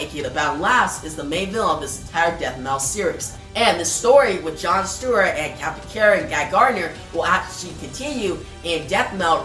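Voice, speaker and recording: A woman's voice: lowish voice, a bit bright. A woman casually reviewing a comic book and recapping its plot, chatty, with many fillers and asides to viewers. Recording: roomy, distant mic, faint music.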